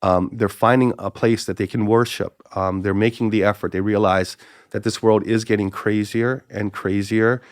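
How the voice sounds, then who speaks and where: A middle-aged man from Hawaii who works as a pastor speaks as a podcast guest, in a lowish voice recorded close and dry. He tells stories in an animated way, stumbling into quick restarts and repeating his phrases for emphasis. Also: no room sound. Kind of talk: conversational storytelling interview.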